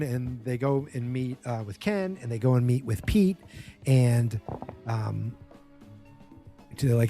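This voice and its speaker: Mellow-voiced man recapping a TV episode. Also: medium pitch, soft background music. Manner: rambling, acts out quotes in quick bursts. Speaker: podcast host.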